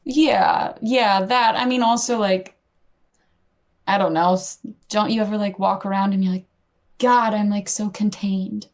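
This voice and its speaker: A woman's voice: mid-range voice, fairly even intonation, normal speed. A woman guest on a podcast, an editor and curator, musing casually with lots of "like" and fillers.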